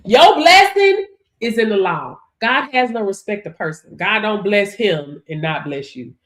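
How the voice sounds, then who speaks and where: A woman's voice: mid-range voice, big pitch swings, unhurried, a bit bright. A woman hosting a motivational livestream, talking to viewers in a preachy way and laughing often. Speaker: livestream host.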